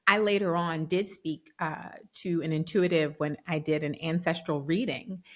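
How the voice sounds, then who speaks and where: A woman's voice: deep voice, moderate pace. A woman in her thirties co-hosting a casual chat podcast, telling stories with lots of animation and acting out what others said. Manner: animated storyteller, acts out quoted dialogue. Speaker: podcast co-host.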